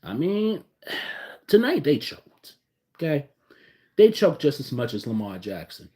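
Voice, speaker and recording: A man's voice: mid-range voice, sing-song, a little slow. Fired-up man ranting casually. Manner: profane, swings between loud outbursts and muttering. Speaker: sports fan vlogger. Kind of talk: casual reaction rant.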